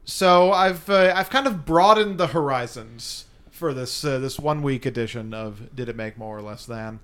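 A man hosting a podcast in casual chat, explaining a game segment with many hesitant pauses. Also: medium pitch, fairly bright tone. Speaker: podcast host.

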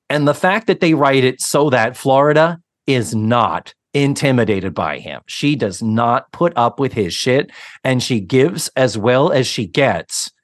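A man co-hosting a podcast, casually recapping a sitcom episode in an animated, storytelling way with some casual swearing. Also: medium pitch, no room sound, studio quality. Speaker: podcast co-host.

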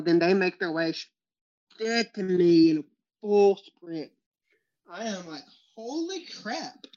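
A man, a guest on a podcast, telling hunting stories in a lively way, often laughing and acting out what people said. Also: sits high. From Texas. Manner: animated, laughs often, acts out quotes. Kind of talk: storytelling in a podcast interview. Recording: muffled lo-fi recording.

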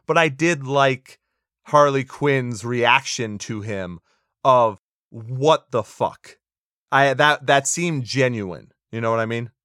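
A man's voice: mid-range voice, slow, bright, forceful tone, clear, resonant tone, no echo, studio quality. A man co-hosting a casual movie review podcast, opinionated and sarcastic, laughing often as he talks. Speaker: podcast co-host.

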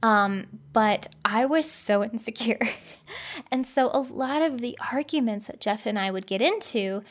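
A woman's voice: a little high, unhurried. A woman hosting a podcast, speaking earnestly in a conversational monologue and telling personal stories. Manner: earnest, personal storytelling with frequent "you know". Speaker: podcast host.

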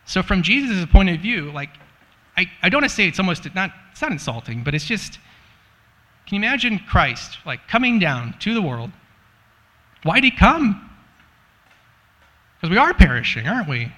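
A man's voice: high-pitched, big pitch swings, normal speed, pauses often, sharp tone, big-room sound. A man giving a casual sermon as a Bible teacher, chatty and joking, with many "like" and "you know" fillers.

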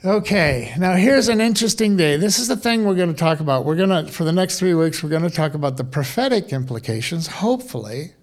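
With a slightly high voice, a male pastor preaches briskly and with few pauses. His delivery is animated and conversational, full of offhand asides and questions aimed at the congregation.

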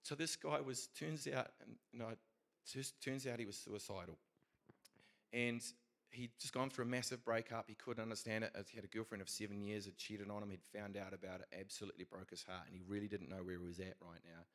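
Man, New Zealand accent, middle-aged, low-ish voice, casual rambling testimony, restarts a lot. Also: fairly even intonation, fairly quick, fairly bright tone. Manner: rambling, earnest, with frequent restarts. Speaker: Christian speaker telling a testimony. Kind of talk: casual storytelling.

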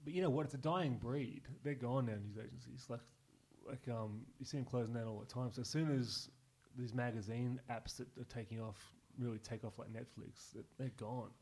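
A man's voice: mid-range voice, a little fast, a little mellow, breathy edge. A young Australian man from Newcastle, a comedian guest, telling rambling stories with plenty of swearing and laughing at himself. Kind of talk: casual podcast chat.

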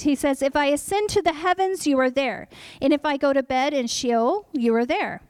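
A woman preaching a sermon, telling a personal testimony in an animated storytelling way and acting out her own past words. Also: high-pitched, no echo.

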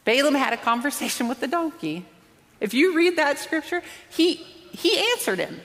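A woman's voice: a little high, big pitch swings, a little fast, a bit bright. A woman preacher delivering a conversational, earnest sermon, drawing out words for emphasis. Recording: long hall reverb.

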